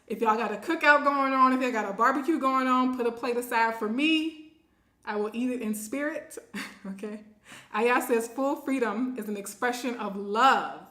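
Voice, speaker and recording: A woman hosts a relaxed live stream. She reads viewer comments aloud and laughs often, and her voice sits fairly high. The room around her is noticeably echoey. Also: normal speed. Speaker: livestream host. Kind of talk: casual live-stream chat.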